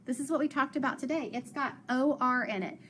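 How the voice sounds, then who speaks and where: A woman's voice: high voice, fairly bright tone, slight background noise. A woman teacher giving a phonics lesson to young learners, sounding out letters and praising often. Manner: patient, sounds out letters slowly, frequent praise.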